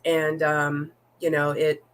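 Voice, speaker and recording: This is a woman hosting an online interview show. She speaks in an earnest, affirming way and keeps encouraging her guest. Her voice sits on the low side for a woman. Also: monotone, slow pace. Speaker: host. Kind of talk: interview chat.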